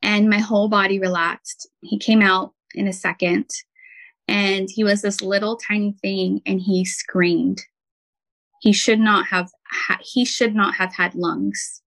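Earnest woman with a gravelly edge. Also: medium pitch, flat delivery, unhurried, a bit bright, poor audio. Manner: earnest, heartfelt, with frequent "um" and "like". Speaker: podcast guest, intuitive healer and nurse. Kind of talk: personal storytelling in conversation.

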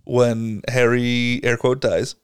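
A man co-hosting a podcast in casual chat, an animated storyteller who acts out scenes with loud impressions. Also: medium pitch, takes it slowly, smooth, dry recording, studio quality. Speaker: podcast co-host. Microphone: podcast mic.

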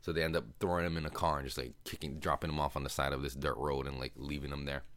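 With no room sound, a man whose rumbling low voice is a bit bright and shows little pitch movement hosts a podcast. He loosely recaps a film's story with fillers and curse words, occasionally voicing characters' lines quickly.

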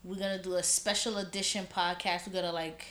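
A woman in her early thirties co-hosts a casual podcast, chattering eagerly and swearing freely. Her voice has a bright, forward tone. The recording is roomy, with a clear echo. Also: on the low side, little pitch movement, fast. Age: early 30s. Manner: chatty, enthusiastic, profane. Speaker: podcast co-host. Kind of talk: casual chat. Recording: echoey room.

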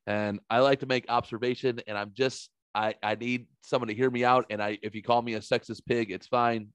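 A man's voice: mid-range voice, little pitch movement, fairly quick, fairly bright tone, clear, resonant tone, no room sound. A man hosting a podcast, telling a rambling, profane story in casual chat. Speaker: podcast host.

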